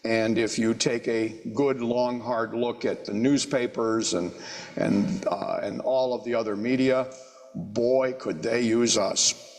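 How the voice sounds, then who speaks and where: A man leading a church service, making wry jokes and halting on fillers. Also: medium pitch, fairly even intonation, darkish tone. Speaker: service leader. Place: church sanctuary. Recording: long reverb of a church hall.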